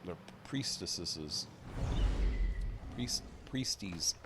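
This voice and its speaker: A low-voiced man drawls through his game commentary at an unhurried pace, tossing out crude wisecracks as he plays. The stream audio is noisy, with game sounds running underneath. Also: animated. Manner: joking, crude wisecracks while playing. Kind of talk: casual gameplay commentary.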